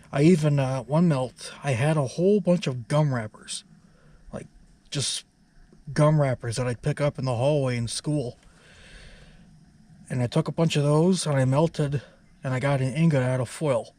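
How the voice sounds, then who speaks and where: A man's voice: medium pitch, no room sound. Rambling man narrating his repairs. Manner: rambling, relaxed, with many fillers. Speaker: DIY truck repair vlogger. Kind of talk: casual workshop narration.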